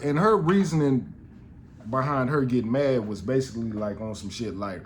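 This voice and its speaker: A man's voice: medium pitch, expressive, moderate pace, slight background noise. A middle-aged man, telling a story on a podcast in an exasperated, profane rant full of restarts. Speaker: podcast host.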